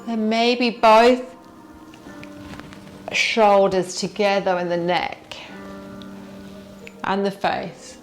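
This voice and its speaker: A woman teacher guiding a yoga warm-up, gently asking the listener what they feel in the body. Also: mid-range voice, faint music behind. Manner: slow, gentle, inviting questions to the listener. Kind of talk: guided yoga class instruction.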